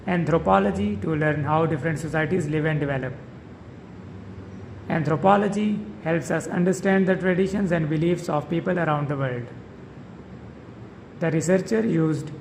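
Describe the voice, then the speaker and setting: A man hosting a pronunciation lesson, saying each word slowly and deliberately and repeating it with care. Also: a little high, creaky, a little mellow, long reverb tail, slight background noise, poor audio. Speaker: pronunciation channel host.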